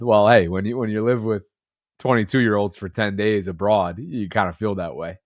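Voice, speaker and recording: A man's voice: lowish voice, steady tone, normal speed, dry recording, studio quality. A man in his thirties co-hosting a podcast, congested and under the weather, talking in a rambling, earnest, reflective way. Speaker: podcast co-host. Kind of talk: casual chat.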